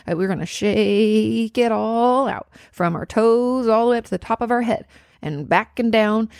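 A woman's voice: mid-range voice, creaky, darkish tone, no echo, studio quality. A woman in her thirties giving a listener earnest, reassuring advice in a casual podcast chat, now and then swearing. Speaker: therapist answering a listener.

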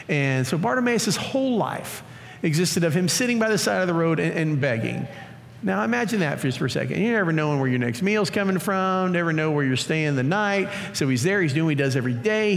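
Pastor guy preaching, kinda high voice, acts out the bible stories, long hall echo. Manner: animated, acts out scripture stories. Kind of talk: sermon. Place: church auditorium. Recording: long church hall reverb.

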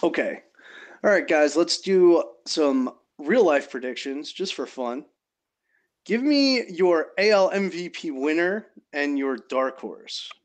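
Measured man steering a podcast. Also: a little high, expressive. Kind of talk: casual podcast chat.

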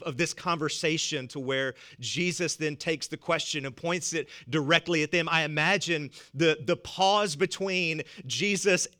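A man with a Southern US accent preaching a sermon, his voice pitched high and ringing clear. He leans hard on his points, repeating words for emphasis, with little chuckles in between. His tone is bright and forward. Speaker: pastor. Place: church.

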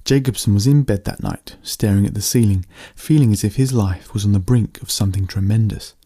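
A man reading a story aloud in a steady, plain narrating voice. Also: fairly low pitch, brisk, slightly rough.

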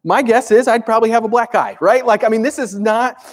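A man's voice: extremely high pitch, fairly quick. A man preaching a sermon as pastor, speaking conversationally and emphatically with rhetorical questions.

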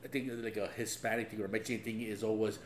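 A man's voice: lowish voice, fairly even intonation, quick pace. A man telling profane stories in a casual chat, laughing often. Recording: echoey room with faint hum.

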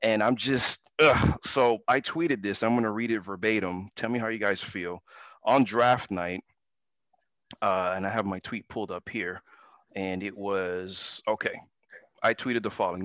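A man's voice: lowish voice, steady tone, a little slow, fairly bright tone, no echo. A man hosting a sports talk radio show, talking emphatically and ranting about basketball.

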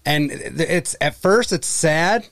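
A man's voice: a little high, lively intonation, takes it slowly, vocal fry, fairly bright tone, no room sound, clean studio sound. A man in his thirties telling stories on a casual podcast, swearing freely and acting out the people he talks about. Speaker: podcast co-host. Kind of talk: casual chat.

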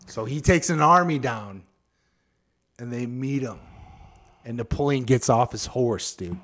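A man hosting a podcast, retelling history in crude, slangy, animated casual chat. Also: mid-range voice, a little slow, long pauses. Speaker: podcast host.

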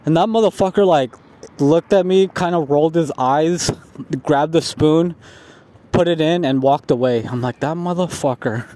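A man's voice: on the high side, normal speed, warm tone. A man in a casual vlog, ranting about lazy coworkers with heavy swearing and frustrated storytelling. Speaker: vlogger.

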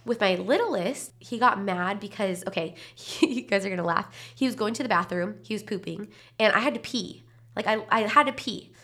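A woman's voice: mid-range voice, moderate pace, a bit bright. A young adult woman hosting a parenting podcast, talking candidly and encouragingly in a casual solo chat, heavily pregnant. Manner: candid, encouraging, chatty with lots of "like".

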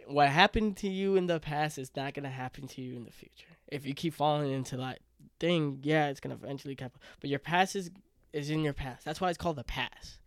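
A man's voice: on the high side, a little fast, no echo, studio quality. A man in his twenties hosting a solo podcast, talking earnestly and emotionally, rambling with many restarts. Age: 20s. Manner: earnest and emotional, choking up at times. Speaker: podcast host.

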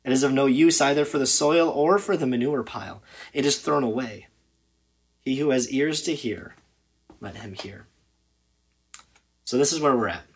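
A man preaching a sermon, earnest and emphatic, with sudden loud, high bursts when he acts out a scene. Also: moderate pace, pauses often, breathy edge.

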